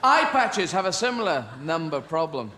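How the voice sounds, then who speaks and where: A man doing stand-up comedy, rambling and whimsical and often losing his own thread. His voice sits high and swings widely. Heavy background noise runs under everything. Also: sing-song, normal speed. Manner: rambling, whimsical, self-interrupting.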